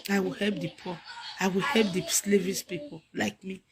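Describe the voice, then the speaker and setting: A woman's voice: medium pitch, steady tone, moderate pace, crowd noise. A young Nigerian woman with a Nigerian accent, crying as she makes a repetitive, pleading appeal for help. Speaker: vlogger. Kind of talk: emotional plea to camera. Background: music.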